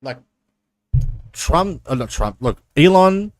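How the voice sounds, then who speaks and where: A man's voice: fairly high pitch, animated, slow, dry recording. A man streaming chess, chatting casually and telling a long profane story full of fillers. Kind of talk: casual stream chat while playing chess.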